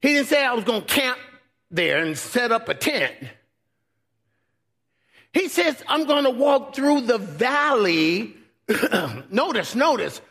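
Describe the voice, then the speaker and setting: Husky high-voiced preacher man. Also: big pitch swings, slow pace, long pauses. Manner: swings from loud, high preaching to soft, low intimacy. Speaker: pastor. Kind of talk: sermon.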